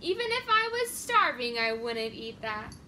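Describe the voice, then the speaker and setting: A woman's voice: on the high side, big pitch swings, normal speed, sharp tone, slight background noise, voice pushed down. A woman voicing a grumpy vulture in a storybook, complaining in a sing-song way.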